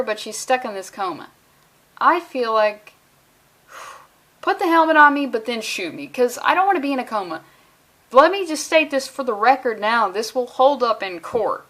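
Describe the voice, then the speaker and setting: A woman vlogging a casual comic book read-along, with sarcastic, profane and animated rants. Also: on the high side.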